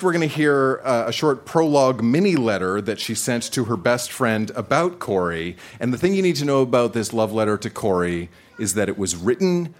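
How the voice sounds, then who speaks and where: A man hosting a live stage show, speaking into a stage microphone. His voice sits in a middle pitch with a dry, amused lilt. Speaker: host. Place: outdoor festival stage.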